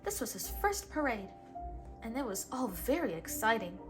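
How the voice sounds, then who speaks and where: A woman reading a children's picture book aloud in a gentle, measured way. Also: fairly high pitch, big pitch swings, music in the background. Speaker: storybook reader.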